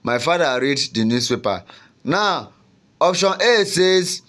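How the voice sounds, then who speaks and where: Young guy tutoring for an exam, kinda high voice, keeps checking you get it. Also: lively intonation, unhurried, fairly bright tone. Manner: repetitive, checks in with "you understand?". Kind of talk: casual tutorial lesson.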